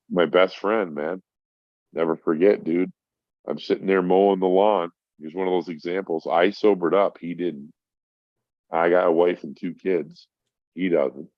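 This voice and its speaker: A man's voice: low voice, no room sound. A middle-aged man from Minnesota, a podcast guest telling a heartfelt story in casual chat, swearing freely. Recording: dull, dry lo-fi sound.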